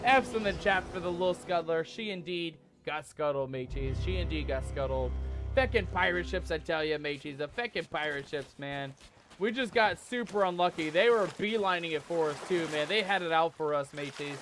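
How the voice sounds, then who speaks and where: A man streaming a pirate game, commenting live in an excitable, panicky way and peppering his talk with pirate slang. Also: fairly high pitch, moderate pace, faint music behind. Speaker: gaming streamer. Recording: game sounds and ocean noise behind. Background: ship and water game audio.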